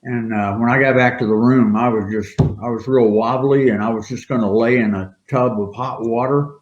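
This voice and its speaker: A man's voice: mid-range voice, fairly even intonation, moderate pace, slight background noise. Older man telling rambling wrestling stories. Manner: rambling, laughing anecdotes. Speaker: retired wrestler guest. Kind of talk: casual storytelling interview. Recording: roomy, dull lo-fi sound.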